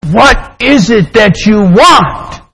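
A man voicing an authoritative divine voice from above, speaking slowly and deliberately. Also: high voice, animated, sharp tone, slight background noise, voice pushed up, heavily acted. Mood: commanding. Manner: slow, deliberate, commanding.

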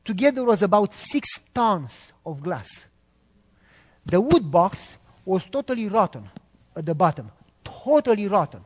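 A man preaching a sermon as a testimony story, animated, acting out the voices in it and speaking directly to listeners. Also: high voice, a little slow, husky, long reverb tail. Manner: animated, acts out quotes, addresses listeners.

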